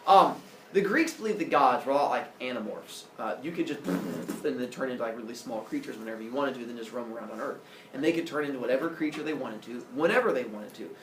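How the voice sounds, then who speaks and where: A male teacher telling myths to his class in a jokey, animated way, acting out the characters. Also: medium pitch, fast talker, noisy background. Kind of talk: storytelling lesson. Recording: roomy classroom audio from far off.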